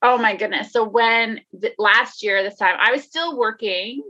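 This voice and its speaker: Candid, laughing woman with bright voice. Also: a little high, a little slow. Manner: candid, laughs often, swears, many restarts. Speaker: guest, life coach. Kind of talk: casual conversation. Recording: dull lo-fi sound.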